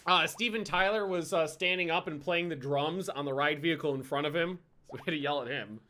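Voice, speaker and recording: A man hosting a gaming video, telling rambling, profane anecdotes in a casual, animated way. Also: on the high side, a little fast. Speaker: gaming channel host. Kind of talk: casual storytelling over gameplay.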